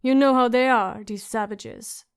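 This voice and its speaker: A woman's voice: a little high, measured pace, clear, resonant tone. A woman reading an audiobook, voicing a fat foreign merchant with a liquid accent and a coaxing manner. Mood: scheming.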